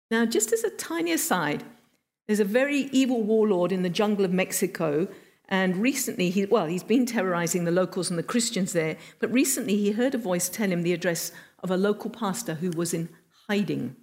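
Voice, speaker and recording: A woman preaching a sermon, telling a story expressively with emphatic pauses. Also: medium pitch, lively intonation, darkish tone.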